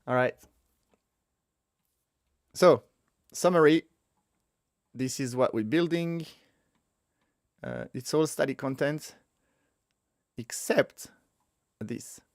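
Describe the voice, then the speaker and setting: A man's voice: medium pitch, darkish tone, no room sound, clean studio sound. A man teaching a casual coding walkthrough, thinking aloud as he works, correcting himself and chuckling at his own mistakes. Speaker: web developer teaching a coding tutorial.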